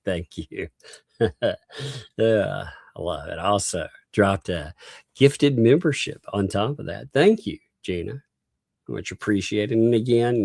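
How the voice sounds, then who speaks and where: Low-voiced Southern man chatting on stream. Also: vocal fry, dark tone, no echo, clean studio sound. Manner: laughs often, reads viewer messages aloud. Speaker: livestream host. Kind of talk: casual livestream commentary.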